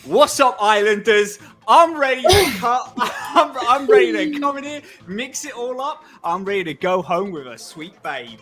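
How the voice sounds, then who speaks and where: A man's voice: sits high, moderate pace, sharp tone, soft background music. A man voicing a brash, flirty male monster contestant who talks in cocky British slang. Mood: hyped.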